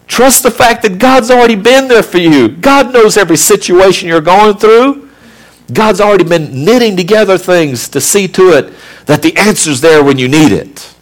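A middle-aged man preaching a sermon. His voice often rises in emphasis, and he briefly imitates children and mothers. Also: high voice. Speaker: pastor.

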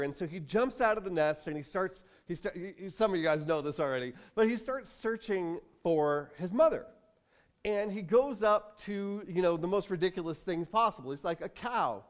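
A man in his thirties preaching a sermon, animated, acting out storybook voices as he tells it. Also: on the high side, normal speed. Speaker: pastor.

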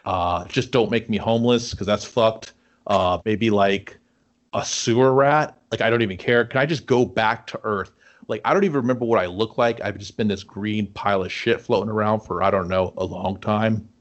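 A man's voice: fairly low pitch, normal speed, dull audio, close to an everyday voice. A man voicing a sad, dim green ghost begging to get out of hell, rambling and hesitant with lots of "uh.". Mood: pleading. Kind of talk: comedic podcast bit.

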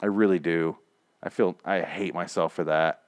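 A man's voice: sits low, fairly even intonation, moderate pace, clean tone, no room sound, studio quality. A man running a solo podcast, recapping a TV episode in a rambling, profane, self-mocking way.

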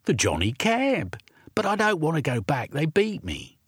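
A man puts on a small runaway orphan boy in a storybook reading, his voice pitched up high and pleading, with a husky edge. The lad talks in earnest, ungrammatical street slang, lifting and dropping his tone a lot. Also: wildly swooping pitch, normal speed, no room sound, clean studio sound, heavily acted. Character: boy, young runaway orphan, cockney-tongued.

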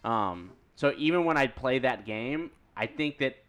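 A man's voice: medium pitch, expressive, measured pace, a bit bright. A man co-hosting a casual discussion, earnest and reflective, often agreeing with "correct". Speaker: podcast co-host.

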